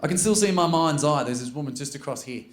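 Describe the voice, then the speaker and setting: Australian stand-up comic, animated delivery. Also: male voice, on the high side, fast talker. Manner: animated, jumps into loud character voices. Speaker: stand-up comedian. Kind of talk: stand-up storytelling. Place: comedy stage. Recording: roomy venue with faint noise.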